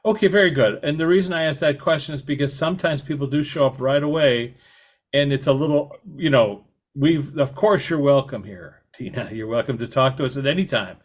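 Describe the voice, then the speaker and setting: A man hosting a podcast interview, talking in a halting way with many fillers and restarts. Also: mid-range voice. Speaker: podcast host. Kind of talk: conversational interview.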